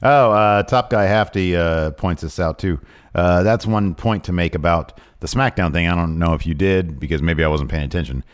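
A man's voice: sits low, normal speed, clean tone. A man hosting a casual wrestling talk show, reading previews in a hyped voice and chatting loosely. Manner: reads previews in a hyped announcer voice, then chats loosely. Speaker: podcast host. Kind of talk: casual chat.

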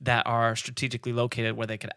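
Male podcast host, mid pitch, loose rambling storyteller, close dry mic. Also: monotone, fast, sharp tone, clean tone, dry recording. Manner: rambling, many fillers, laughs a lot. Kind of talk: casual chat.

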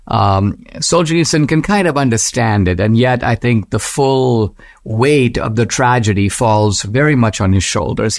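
A man hosting a commentary podcast, speaking in a measured, reflective way, with slow emphatic phrases and quotes read aloud. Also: dry recording, clean studio sound. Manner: mimics a Western voice when reading quotes, rising high. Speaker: podcast host. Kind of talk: commentary reading quoted passages.

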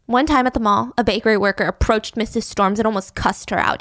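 A woman telling a funny story in a casual, animated, giggly way. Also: a little high, fast, few pauses, no room sound, studio quality. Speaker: podcast storyteller.

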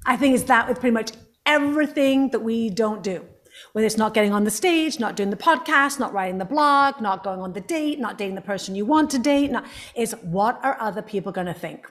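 A woman's voice: a little high, expressive, a little fast, a bit bright. A middle-aged woman, an author and speaker, talking passionately and encouragingly as an interview guest. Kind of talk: interview guest, motivational talk.

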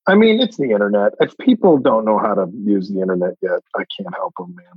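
A man's voice: fairly low pitch, lively intonation, fast talker, husky, no echo, highs cut off. A man who is a comedian guest, joking and swearing in casual chat.

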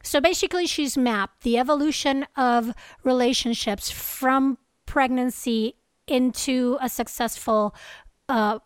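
A woman's voice: sits high, unhurried, smooth, no room sound, clean studio sound. A woman hosting a podcast, chatty and upbeat, talking casually with a guest and her listeners. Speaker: podcast host. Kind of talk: casual interview chat.

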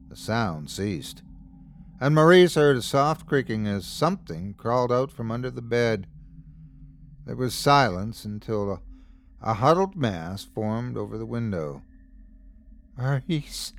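A man narrates a horror story in a scripted, dramatic reading. His pitch moves up and down a lot, giving the telling a lively, expressive shape. The voice sits at an ordinary middle pitch for a man. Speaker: host and narrator.

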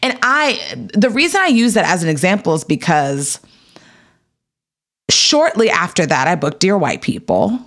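A woman in her thirties, an actor being interviewed, telling a candid personal story in a casual, filler-heavy way and acting out the voices she quotes. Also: moderate pace. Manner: animated, acts out quoted voices with big pitch jumps; casual, filler-heavy, laughs between lines.

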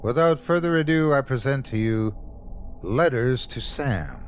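A man's voice: mid-range voice, very animated, unhurried, heavy background noise. Man hosting a horror podcast. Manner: announcing, theatrical. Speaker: podcast host. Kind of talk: scripted show introduction.

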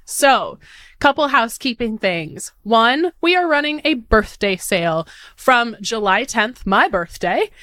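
A woman in her late twenties hosting a podcast, talking in a bubbly, excited, gushing way. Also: medium pitch, clean tone, no room sound. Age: 20s. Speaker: podcast host. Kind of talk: upbeat podcast monologue.

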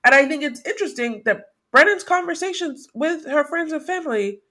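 A woman with a fairly high voice co-hosts a casual recap podcast. She reasons her points out loud, thoughtful and measured, and pauses on small fillers as she works through them. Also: animated. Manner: thoughtful, analytical, with hesitant fillers. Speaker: podcast co-host.

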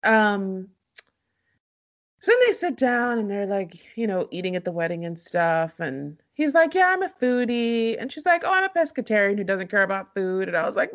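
A woman co-hosting a podcast in casual chat, recapping a reality show and acting out quotes. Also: fairly quick. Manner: animated, acts out quotes with big pitch jumps. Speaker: podcast co-host.

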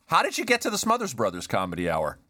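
A man's voice: medium pitch, wildly swooping pitch, fast talker, sharp tone, no room sound, studio quality. A man co-hosting a podcast interview, prompting the guest with questions and laughing easily. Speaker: podcast co-host. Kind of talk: interview conversation.

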